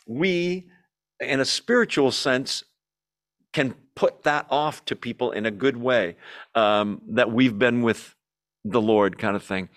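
A man's voice: medium pitch, slow, a bit bright. A man teaching a Bible study in a conversational way, explaining terms plainly with some fillers.

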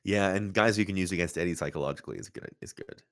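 A man's voice: low voice, rapid-fire, fairly bright tone. A man co-hosting a wrestling podcast, laid-back and laughing often in casual chat. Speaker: podcast co-host.

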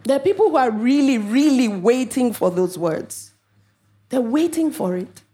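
A woman from Africa preaching a sermon, animated, with playful asides and acted-out quotes. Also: on the high side, normal speed.

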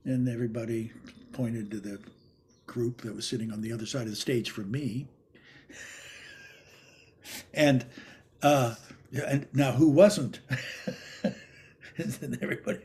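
An older man telling stories about a former teacher, rambling with many restarts and laughs, and sometimes acting out quoted lines loudly. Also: mid-range voice, measured pace, long pauses. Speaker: interviewee recalling a former teacher. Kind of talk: anecdotal reminiscence.

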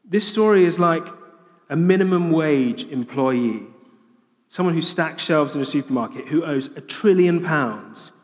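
A man preaching a sermon, animated and humorous, with lively voiced asides. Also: fairly high pitch, a little slow. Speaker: pastor. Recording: long hall reverb.

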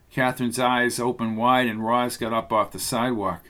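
A man narrating an audiobook thriller in a steady, even delivery. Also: medium pitch, normal speed. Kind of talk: scripted narration.

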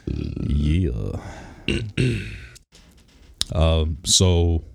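A man's voice: a bass voice, measured pace, a little mellow. A man co-hosting a podcast in casual chat, playful and joking, sometimes breaking into short sung bits. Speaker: podcast co-host.

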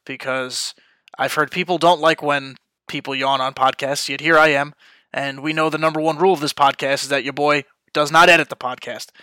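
Using headphones and a studio mic, a young male podcast host talks casually and off the cuff, filling his speech with fillers. His fairly high voice is pushed, bright, and smooth, with no room sound.

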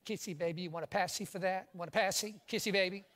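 A woman's voice: fairly low pitch, fairly even intonation, quick pace, fairly bright tone. A man doing a teasing old Cajun grandmother. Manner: teasing, baby-talk scolding.

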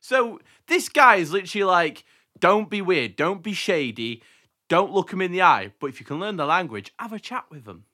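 Bright, chatty young man. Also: sits high, big pitch swings, normal speed. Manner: chatty, laughing, lots of likes. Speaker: podcast host. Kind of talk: casual chat.

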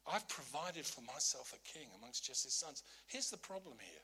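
A man's voice: mid-range voice, sing-song, normal speed, hardly any pauses, bright, forceful tone, breathy edge. A man preaching a sermon, emphatic, repeating his key lines, with humorous asides.

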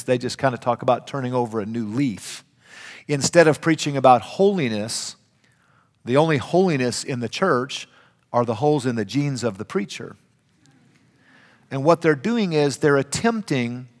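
Older guy preaching a sermon, goes loud then hushed, long echo off a big hall. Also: medium pitch. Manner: emphatic preaching, swings between loud and hushed. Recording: reverberant hall.

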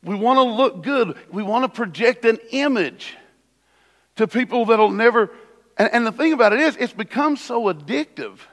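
A man's voice: high-pitched, fairly bright tone. A man preaching a sermon as pastor in a church, conversational with sudden emphatic bursts. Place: church sanctuary. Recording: long hall reverb.

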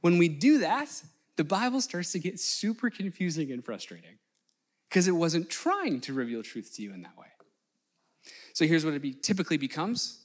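Lively, animated male preacher. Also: fairly high pitch, normal speed. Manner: animated, conversational, acts out quoted voices. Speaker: pastor. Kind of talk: sermon.

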